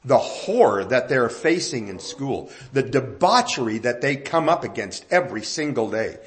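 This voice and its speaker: An older man preaching a sermon, telling stories and asking emphatic questions. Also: on the high side. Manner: animated storytelling, rising emphatic questions.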